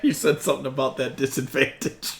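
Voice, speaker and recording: A man's voice: medium pitch, flat delivery, brisk, vocal fry, a crowd in the background. A man narrating as game master of a tabletop game, casual and laughing often, thinking aloud as he counts up rolls.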